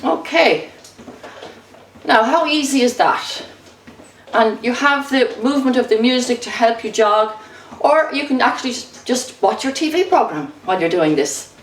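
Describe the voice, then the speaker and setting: An Irish woman leads a rebounding workout indoors at home, cheerful and encouraging, a little out of breath from jumping as she talks. Her voice is a little high and animated, at normal speed. The low-quality recording is reverberant, with a distant mic and slight background noise.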